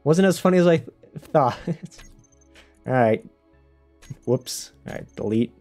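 Mellow-voiced man casually streaming a game. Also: medium pitch, animated, a little slow, faint music behind. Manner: chatty, laughs often, answers chat while playing. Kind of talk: casual live-stream commentary.

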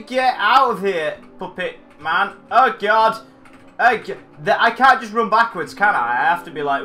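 A gamer giving let's play commentary on a horror game, excitable and jumpy, talking back at what is on screen. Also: medium pitch, normal speed, soft background music.

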